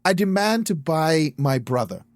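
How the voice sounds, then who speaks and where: A man's voice: a little high, sing-song, measured pace, no room sound, pitched above the performer's own voice. A man voicing a distraught former noblewoman in a tabletop game, insisting and pleading with urgency. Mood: insistent.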